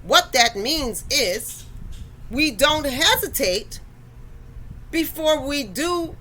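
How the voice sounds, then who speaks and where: A woman's voice: high voice, animated, extremely slow, bright, forceful tone, a little hiss or hum, rough recording. A woman hosting a faith talk, addressing listeners directly in a conversational, preachy way. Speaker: podcast host.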